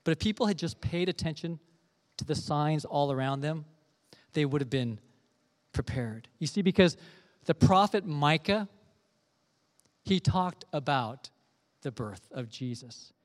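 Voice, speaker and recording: A pastor giving an earnest sermon, telling a gentle story before turning to scripture. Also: male voice, a little high, expressive, a little slow, long pauses, big-room sound.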